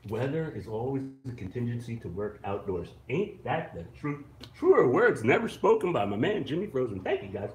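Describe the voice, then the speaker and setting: This clip features a man with a mid-range voice talking at a moderate pace with few pauses, in an echoey room with slight background noise. Hosting a live online show, he chats casually and reacts to what viewers write. His manner is animated and rambling, full of stories, swearing, and laughter.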